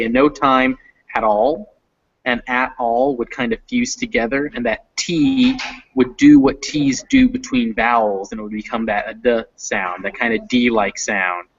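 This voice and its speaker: A man tutoring English pronunciation online, explaining patiently step by step. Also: mid-range voice. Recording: muffled lo-fi audio.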